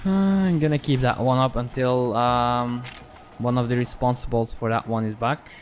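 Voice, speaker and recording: A man giving casual, relaxed commentary over his own gameplay, pausing often with ums and restarting sentences. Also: mid-range voice. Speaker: gaming channel host. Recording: clear background noise.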